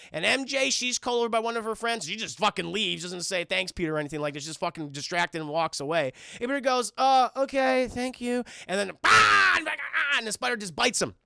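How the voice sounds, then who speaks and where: A young man recapping a film to his livestream chat, swearing freely and mimicking the characters in quick put-on voices. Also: high voice, gravelly, sharp tone, dry recording. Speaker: streamer reviewing a film with chat.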